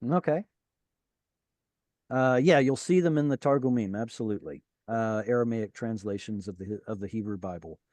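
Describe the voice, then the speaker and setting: A man's voice: on the low side, moderate pace, darkish tone, dry recording. A man teaching an online Hebrew reading class, patiently explaining grammar and encouraging his students. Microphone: video call.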